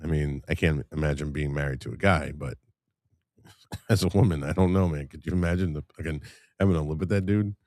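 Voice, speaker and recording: Deep-voiced, profane rambling stream host. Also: male voice, a little fast, darkish tone, no room sound, studio quality. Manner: loose, rambling and profane storytelling. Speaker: livestream host. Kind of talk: casual chat to a live stream audience. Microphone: streaming microphone.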